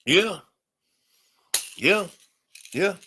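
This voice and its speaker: Speaking extremely slowly, a man hosting a livestream rages with heavy swearing and repetitive phrasing. His high voice is expressive with a sharp tone, and a little background noise can be heard.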